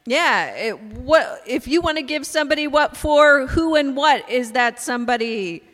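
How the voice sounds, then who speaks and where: A woman's voice: sits high, moderate pace, fairly bright tone, big-room sound. A woman co-hosting a radio music show, chatting in easygoing asides. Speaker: radio co-host. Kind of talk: casual radio banter.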